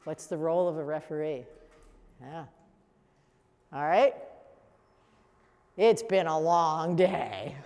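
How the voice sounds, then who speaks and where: A woman teaching a coaching workshop, lively and laughing, repeating answers back to the room. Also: low voice, takes it slowly, long pauses, in a large hall. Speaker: coach trainer.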